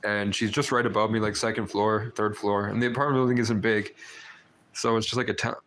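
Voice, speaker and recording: A man's voice: fairly low pitch, level tone, fairly quick, a bit bright, slight background noise. A man hosting a live stream, telling a long story in a rambling, talkative way full of fillers. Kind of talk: casual storytelling chat.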